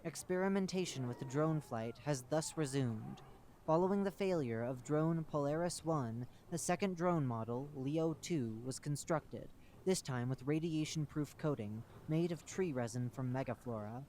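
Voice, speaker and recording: A man giving a measured, matter-of-fact scripted narration of a horror wiki entry. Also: on the high side, animated, warm tone, slight background noise.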